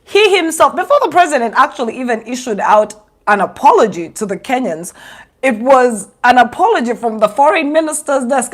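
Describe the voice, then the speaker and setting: A young Ugandan woman with a Ugandan accent giving sarcastic, animated commentary, switching languages mid-sentence. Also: on the high side. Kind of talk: casual commentary monologue.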